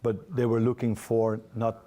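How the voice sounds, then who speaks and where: A Dutch-accented man, a football manager, answering interview questions in a measured, hesitant way with many pauses. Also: mid-range voice, completely flat delivery, mellow. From Netherlands. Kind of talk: media interview.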